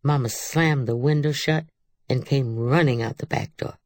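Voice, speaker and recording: A woman narrating a literary audiobook in a measured, unhurried reading. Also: a bass voice, a little mellow, no echo.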